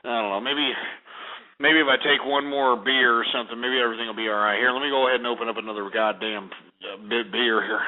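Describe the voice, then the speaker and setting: A man's voice: mid-range voice, steady tone, fast. A man hosting a call-in radio show, out of breath and panting, rambling and swearing as he talks. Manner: rambling, swearing, tipsy-sounding. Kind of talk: casual call-in radio talk. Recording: tinny phone-line sound.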